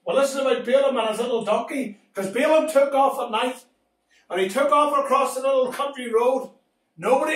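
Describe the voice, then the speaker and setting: A man teaching Sunday school, telling a Bible story to children with animated swings between shouts and hushed tones. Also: very high voice. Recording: echoey room, far from mic.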